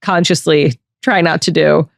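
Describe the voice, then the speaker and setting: A woman's voice: sits low, steady tone, measured pace, vocal fry, no room sound, studio quality. A woman hosting a podcast, talking frankly and thinking aloud in a candid chat. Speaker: podcast host.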